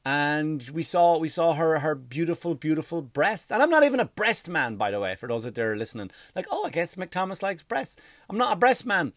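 A man from Ireland, telling a rambling, profane mock history with deadpan jokes and silly put-on voices. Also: a little high, brisk, hardly any pauses, no room sound, clean studio sound. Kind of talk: comedic storytelling monologue.

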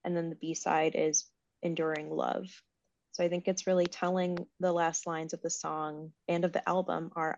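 A young woman with a lowish, gravelly voice talks in a reflective, soft-spoken way, laughing easily. The sound is dry and a little dull. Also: flat delivery, moderate pace, no room sound. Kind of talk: casual chat.

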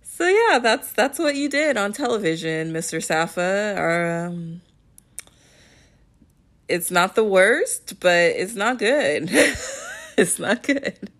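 Slow, animated young woman recapping. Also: medium pitch. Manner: laughs often, quotes people in animated voices. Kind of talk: casual recap of a reality dating show.

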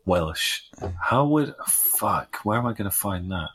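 Husky-voiced man bantering crudely. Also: lowish voice, animated, unhurried, fairly bright tone. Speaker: podcast co-host. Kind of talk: casual podcast chat.

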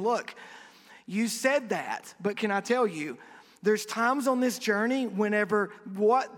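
A man preaching a conversational sermon, acting out quotes with lively energy. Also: high voice, long reverb tail. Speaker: pastor.

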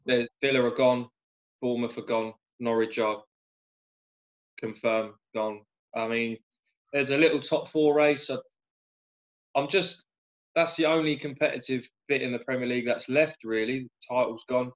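Bloke, relaxed self-mocking football talk, muffled lo-fi mic. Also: male voice, mid-range voice, moderate pace, long pauses. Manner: laid-back, sweary, self-mocking. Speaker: podcast guest, football fan. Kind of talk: casual chat. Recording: slightly dull lo-fi sound.

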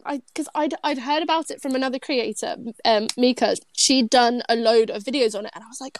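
Young British woman, twenties, high bright chatter, laughs a lot, trips over her own sentences; dry close recording. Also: animated, fast, no echo. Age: 20s. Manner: bubbly, rambling, laughs often, self-interrupting. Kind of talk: casual chat.

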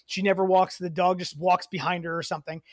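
A man co-hosting a casual podcast, telling stories in an animated way, swearing and rising in pitch when riled. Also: quick pace, no echo, clean studio sound. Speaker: podcast co-host.

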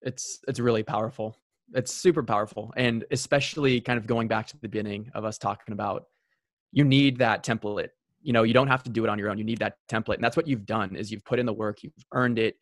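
A man's voice: on the low side, fairly even intonation, fast talker, no room sound, clean studio sound. A man hosting a podcast, affirming and enthusiastic in casual interview chat. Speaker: podcast host.

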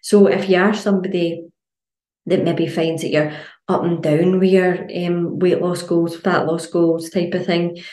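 A Scottish woman with a fairly low voice talks in a casual podcast monologue. She is blunt, swears freely and tells her stories with lots of energy. The room gives her voice a roomy echo. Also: measured pace. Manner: blunt, sweary, animated storytelling. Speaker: health and fitness coach.

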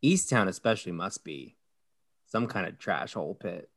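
A man with a New Jersey accent, co-hosting a podcast, talking loudly and acting out quotes in casual chat. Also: deep voice, moderate pace, creaky. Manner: loud, animated, acts out quotes. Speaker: podcast co-host.

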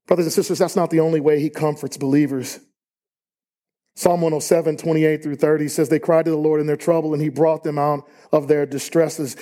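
A man preaching a sermon in a church, emphatic and rising to high exclamations. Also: dark tone. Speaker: pastor. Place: church sanctuary.

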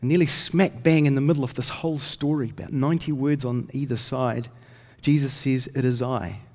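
A man's voice: mid-range voice, steady tone, brisk, a little mellow. A man preaching a sermon, telling stories earnestly and lifting his voice when he reads scripture. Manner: earnest storytelling, rises when reading scripture. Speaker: pastor. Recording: long hall reverb.

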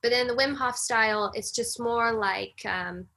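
A woman guest on a casual podcast chat, telling a personal story in an animated way and acting out the lines of others. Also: a little high, a little slow, vocal fry. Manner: animated storyteller, acts out quoted dialogue. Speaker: podcast guest, breathwork facilitator.

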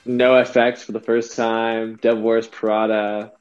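A man in his thirties from Southern California, a guest DJ telling a story in casual chat, animated and slangy, acting out what he once said. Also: on the low side, measured pace. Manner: animated, slangy, acts out his own past lines. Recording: dull lo-fi podcast audio with faint music.

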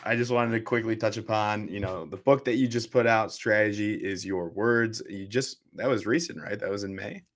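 Podcast host, young man, 20s, lowish voice, relaxed casual delivery. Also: normal speed, few pauses. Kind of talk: podcast conversation.

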